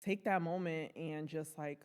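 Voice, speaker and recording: A woman's voice: deep voice, steady tone, measured pace, smooth. A woman co-hosting a podcast, talking in a casual, earnest and reflective way about friendship and grief. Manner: earnest, reflective, drops to soft tones on grief. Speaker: podcast co-host. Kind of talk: casual heartfelt chat. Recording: echoey room with long reverb.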